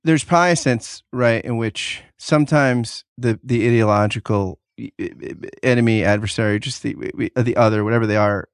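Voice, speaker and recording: A man interviewing a guest in a relaxed conversation, thoughtful and halting, with many restarts. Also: medium pitch, no echo, studio quality.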